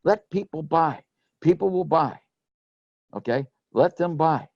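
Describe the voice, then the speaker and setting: A man's voice: on the high side, animated, a little slow, gravelly, a little mellow, no room sound, lo-fi sound. A middle-aged man telling rambling, folksy stories about selling insurance, with lots of restarts. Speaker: former insurance sales manager telling sales stories. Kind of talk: casual storytelling chat.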